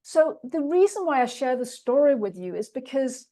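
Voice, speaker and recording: Her voice is high, mellow and sing-song, moving at an ordinary pace. She's a project management coach giving a webinar, recounting tales of her clients and acting out the dialogue from their sessions.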